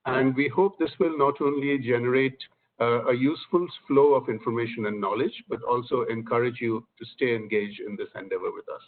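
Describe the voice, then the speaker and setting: A man wraps up formal welcome remarks at an online event and speaks courteously throughout. His voice is mid-pitched. The audio is narrow and tinny, like a video call. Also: a little fast. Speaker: webinar organizer giving opening remarks. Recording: tinny phone-like webinar audio.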